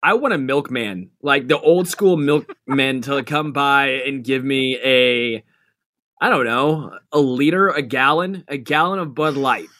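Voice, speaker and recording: A man's voice: mid-range voice, measured pace, sharp tone, no room sound, clean studio sound. A man co-hosting a casual podcast, playful and rambling with frequent laughs. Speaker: podcast co-host.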